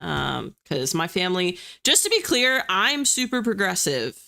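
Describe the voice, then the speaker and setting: Speaking a little slowly, a young East Coast livestreamer reads out viewer comments and casually pokes fun at herself. Her voice is fairly low, sing-song, and gravelly, yet bright and forceful.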